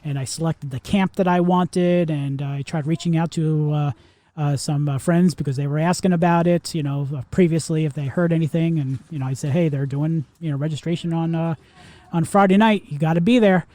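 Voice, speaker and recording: A man's voice: on the high side, steady tone, fairly quick, warm tone. A man in his forties hosting a podcast, rambling in a casual monologue full of fillers and restarts. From Florida, US. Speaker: podcast host.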